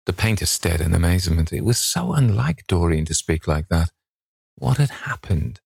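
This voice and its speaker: A man with a deep, husky voice narrates a classic novel in a measured, expressive way. The recording is dry and close, with no room sound. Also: dry recording. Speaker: audiobook narrator. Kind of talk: scripted narration.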